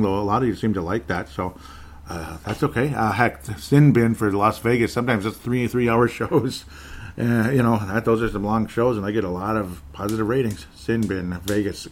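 A man's voice: lowish voice, slight background noise. Rambling, chuckling male podcast host. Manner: rambling, chuckling, self-correcting. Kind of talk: casual chat reading listener comments.

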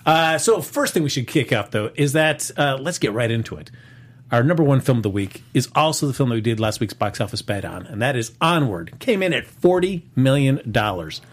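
A man's voice: medium pitch, expressive, a little fast. A man hosting a casual live-streamed film and box office chat, rambling with lots of fillers. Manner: rambling, many fillers and restarts. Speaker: podcast host.

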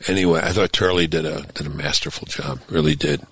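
Deep-voiced older male podcast host. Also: fairly even intonation, fast talker, fairly bright tone, a little hiss or hum. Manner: conversational, chuckling asides, frequent restarts. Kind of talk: casual political talk.

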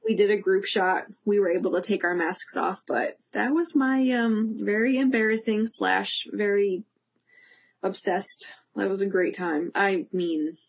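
A young woman telling a story in casual chat, animated, acting out quotes and laughing. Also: medium pitch, measured pace, gravelly.

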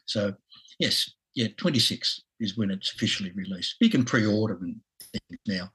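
Halting Australian man in his sixties. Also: lowish voice, animated, fairly bright tone, breathy edge, poor audio. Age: 60s. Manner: halting, many restarts and chuckles. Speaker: podcast guest. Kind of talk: casual interview.

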